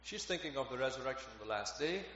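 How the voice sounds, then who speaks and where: A man's voice: mid-range voice, expressive, fast, fairly bright tone. Man preaching in an echoey hall. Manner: earnest, rising to emphatic on key phrases. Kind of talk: sermon. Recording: echoey hall, dull lo-fi, faint noise.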